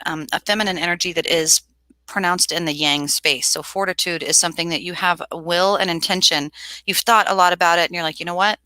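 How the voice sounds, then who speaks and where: A woman's voice: low voice, dry recording. A woman hosting a casual tarot livestream, chatting animatedly, laughing and reading viewers' comments aloud. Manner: animated, reads chat aloud, laughs often.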